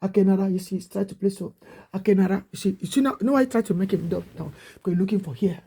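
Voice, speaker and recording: A preacher giving a rambling exhortation, repeating "you see" and slowly listing names one after another. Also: medium pitch, fairly even intonation, mellow, husky. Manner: repetitive, prodding with "you see"; slow, drawn-out listing of names.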